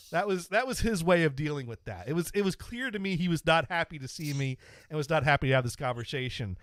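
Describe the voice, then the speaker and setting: A man's voice: fairly high pitch, animated, quick pace, a bit bright, dry recording. A man hosting a podcast, casually telling a long self-deprecating anecdote with frequent stops and restarts. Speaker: podcast host. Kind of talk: casual storytelling.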